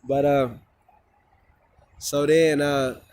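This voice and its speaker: A man's voice: a little high, flat delivery, extremely slow, a little mellow, no room sound. Rambling, profane man ranting outdoors. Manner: rambling, profane, repeats himself. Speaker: vlogger. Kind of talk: casual rant to camera.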